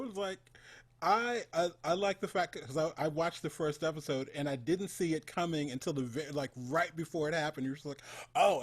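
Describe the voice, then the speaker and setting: A man interviewing a guest, an enthusiastic fan who chuckles often. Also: fairly high pitch. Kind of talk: online interview.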